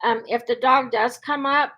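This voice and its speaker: A woman's voice: fairly high pitch, fairly even intonation, normal speed, sharp tone. A woman dog trainer answering questions in a live Q&A, chatty, with many fillers, acting out cheerful cues. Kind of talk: live Q&A advice.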